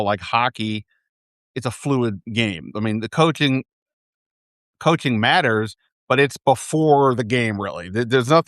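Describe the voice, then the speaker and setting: A man hosts a sports talk show in an easygoing, rambling way, correcting himself and circling back mid-thought. His voice sits at a middle pitch. The sound is dry and close, with no room around it. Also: a bit bright, no room sound. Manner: rambling, self-correcting, many restarts. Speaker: podcast host. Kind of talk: casual sports chat.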